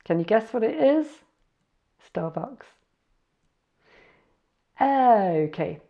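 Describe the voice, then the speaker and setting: On a muffled recording, a woman with a fairly high, creaky, very animated voice casually teaches foreign words. Chatty and slow, she spells each one out letter by letter and corrects herself as she goes, like a language learner sharing vocabulary.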